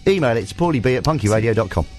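Lively British man, crude banter. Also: medium pitch, rapid-fire. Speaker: podcast co-host, comedian. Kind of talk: casual chat. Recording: faint music bed behind.

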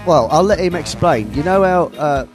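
A man's voice: fairly high pitch, animated, moderate pace, music in the background. A man hosting an internet radio show, chatting and joking in a self-mocking way. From Scunthorpe, England. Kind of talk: casual chat on a radio show.

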